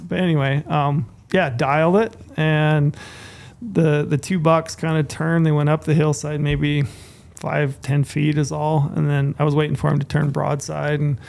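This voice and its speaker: Gravelly man telling a hunting story. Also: fairly high pitch, level tone, unhurried, a little mellow. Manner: rambling, with lots of restarts and quoted dialogue. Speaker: podcast co-host. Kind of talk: casual storytelling.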